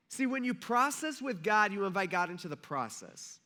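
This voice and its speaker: Bright-voiced male pastor preaching. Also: high-pitched, big pitch swings, moderate pace. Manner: conversational, acts out quotes with rising intensity. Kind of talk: sermon. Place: church sanctuary.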